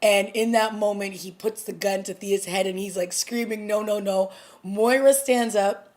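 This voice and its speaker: A woman talks to her viewers in a casual review vlog, pitched in an ordinary middle range. She gushes with a breathless edge and trips over restarts. She retells each scene in animated detail. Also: moderate pace. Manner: gushing and breathless, stumbling restarts. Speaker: TV episode reviewer.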